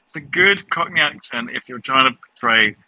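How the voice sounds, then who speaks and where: A man's voice: mid-range voice, expressive, moderate pace, pushed and bright, highs cut off. A man in casual chat, wry and teasing.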